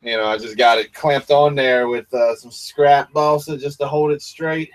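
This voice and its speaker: A man's voice: medium pitch, fairly even intonation, normal speed. A man, chatting as a guest on a video call in an easygoing, folksy, joking way. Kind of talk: casual chat.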